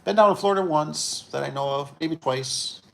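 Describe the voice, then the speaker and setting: A man from Michigan hosting a casual livestream, talking in a relaxed, rambling way and chuckling often. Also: a little high, moderate pace, creaky, slight background noise. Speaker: livestream host.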